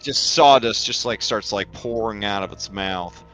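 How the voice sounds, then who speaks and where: Man, game master, slow unhurried narration, casual, stops and restarts, tabletop game. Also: fairly low pitch, a bit bright.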